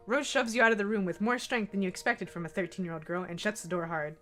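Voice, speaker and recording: A woman's voice: medium pitch, fast talker, hardly any pauses, fairly bright tone, soft background music. A woman streamer reading a visual novel aloud and chatting, laughing often and swearing freely. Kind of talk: live-stream game reading and chat.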